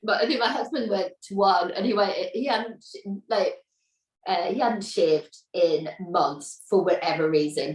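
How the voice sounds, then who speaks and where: A woman who plays and teaches the violin chats as a podcast guest. She tells her stories with a lot of laughter at a mid pitch, and her voice echoes in the room. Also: a little slow, distant mic. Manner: lively storytelling, frequent laughter. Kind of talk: casual chat. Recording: roomy echo.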